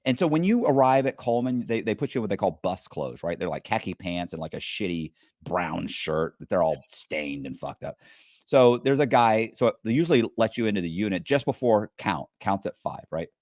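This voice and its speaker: A man with a lowish voice tells a story as a guest, swearing freely. His pitch swings widely as he acts out the tale. The sound is close and dry. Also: a little fast, dry recording. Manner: profane, animated retelling. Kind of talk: casual storytelling.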